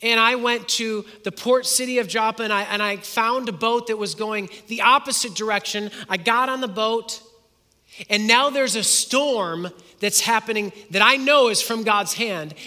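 A man's voice: high-pitched, moderate pace, sharp tone. A man preaching a sermon, retelling a story, reading scripture and asking the listeners rhetorical questions. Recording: long hall reverb.

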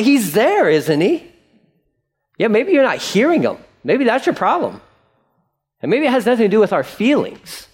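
A male pastor preaching a conversational sermon, acting out quotes and asides. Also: high-pitched.

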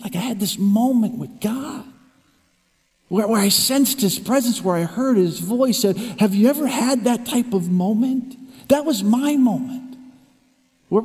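Man, pastor, high voice, storytelling sermon, long hall reverb. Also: slightly rough. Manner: storytelling, swings from low hushed tones to raised emphatic preaching.

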